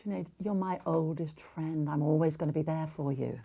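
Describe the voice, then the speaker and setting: A woman playing a gravelly, tender best friend. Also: low-pitched, fairly even intonation, moderate pace, background noise.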